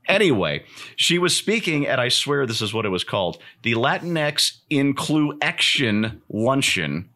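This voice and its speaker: Male talk show host, lively and bright, keeps it jokey and loose. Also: mid-range voice, moderate pace. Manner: joking, laughs often, animated delivery. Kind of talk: casual political commentary.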